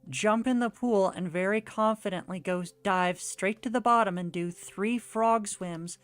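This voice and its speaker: A woman's voice: medium pitch, a little slow, dry recording. A young woman streaming while she draws, telling a rambling story in casual chat full of "like" fillers. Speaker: art streamer.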